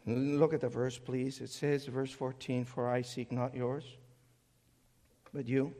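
A male preacher delivering a sermon, swinging between shouted passages and quiet, intense reading of scripture. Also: medium pitch, little pitch movement, slow pace. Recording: echoey hall.

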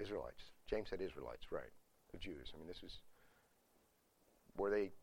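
A man leading a Bible study, reading a church confession aloud slowly and firmly, then explaining it in humble, plain-spoken asides. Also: sits low.

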